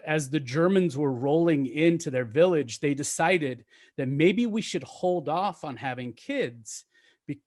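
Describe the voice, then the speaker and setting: A man telling a long story to a gathering, halting with ums and restarts, slowing and softening at touching parts. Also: a little high. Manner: halting, with many ums and restarts, slowing and quieting at emotional moments.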